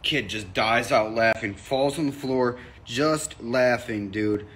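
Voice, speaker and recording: A man's voice: mid-range voice, slow pace, fairly bright tone. A man telling a comic anecdote in a casual, profane way, jumping into quoted voices. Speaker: comedian telling a story.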